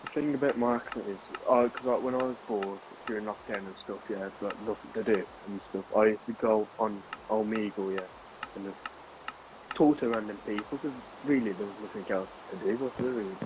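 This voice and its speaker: A man's voice: on the low side, steady tone, a little fast, background noise. A man chatting casually on a game stream, meandering and repeating fillers. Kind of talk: casual gaming stream chat.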